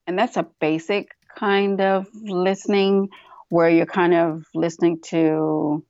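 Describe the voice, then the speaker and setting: Woman co-host with a low, gravelly voice, chatty and filler-heavy, on a dry, slightly muffled recording. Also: level tone, slow pace, darkish tone, no room sound. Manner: chatty, many fillers, acts out quoted voices. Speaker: podcast co-host. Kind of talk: casual discussion.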